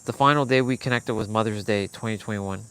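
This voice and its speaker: A man's voice: on the low side, quick pace, fairly bright tone, clear, resonant tone. Young adult male vlogger, raw and candid, recounting a past fight. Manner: candid, swearing, quoting others in heated bursts. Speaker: fitness vlogger. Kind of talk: emotional personal storytelling.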